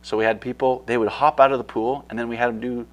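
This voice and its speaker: A man's voice: medium pitch, fairly even intonation, fast talker. A man talking as a guest in a casual interview, eager and rambling with many fillers.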